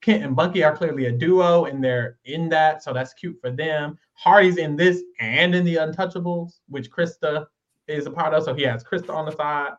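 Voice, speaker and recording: A man co-hosting a casual reality show recap, animated and quick to act out what people said. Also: a little high. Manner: animated, acts out quotes in voices. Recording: dull lo-fi sound.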